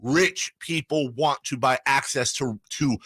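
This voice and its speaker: A man hosting a sports radio show, telling animated stories in casual banter. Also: medium pitch, husky, no room sound. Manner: animated storyteller, excitable, quick asides. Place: radio studio.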